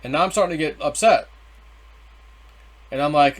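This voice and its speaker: Rambling, excitable man telling a story. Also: fairly high pitch, normal speed, pauses often. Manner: rambling, excitable, swears and self-censors. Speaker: vlogger. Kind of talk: casual storytelling.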